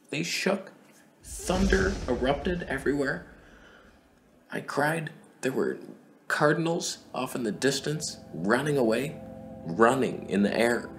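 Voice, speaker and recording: A man's voice: medium pitch, slow pace, slight background noise. A man vlogging about cameras, telling a comic story and acting out his friends' lines. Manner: animated, acts out friends' voices. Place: outdoors.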